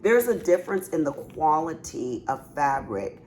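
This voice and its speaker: A woman's voice: low voice, very animated, normal speed, darkish tone, a little hiss or hum. A woman with a cough, chatting to viewers as she shows off a craft haul, exclaiming often. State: has a cough. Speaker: craft vlogger showing a haul. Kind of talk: casual chat.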